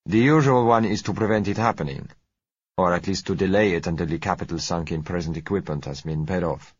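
Polite smooth oil dealer read by a man, unhurried, husky, low, storybook reading. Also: no echo, muffled recording. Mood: smooth, courteous. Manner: gentle, unhurried and courteous.

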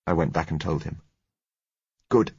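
A man narrating a novel in the first person, measured and understated. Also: low-pitched, slightly rough, no room sound. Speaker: audiobook narrator. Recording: dull, dry lo-fi recording.

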